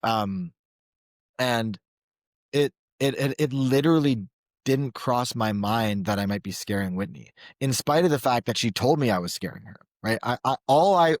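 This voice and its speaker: A man's voice: medium pitch, expressive, moderate pace, dry recording, studio quality. A man who coaches men, talking frankly as a podcast guest, telling stories with lots of restarts. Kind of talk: casual podcast conversation.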